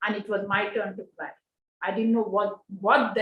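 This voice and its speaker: High-pitched woman telling a lively story. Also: normal speed. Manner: expressive, acts out voices in her anecdotes; non-native English with simple grammar. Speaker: speaker at an online panel. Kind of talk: animated personal storytelling. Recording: echoey room.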